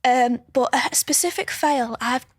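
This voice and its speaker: A young woman in her twenties chats as a podcast guest. Her voice sits a little high, and she often breaks into laughter mid-sentence. The sound is dry and close. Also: measured pace, dry recording. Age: 20s. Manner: chatty, laughs through stories, frequent restarts and likes. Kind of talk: casual chat, storytelling.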